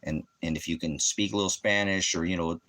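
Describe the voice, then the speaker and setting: Deep-voiced profane man in his fifties ranting. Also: steady tone, brisk, a bit bright. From United States. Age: 50s. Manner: profane, ranting, loose and rambling. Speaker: channel host. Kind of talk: casual rambling monologue. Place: at home.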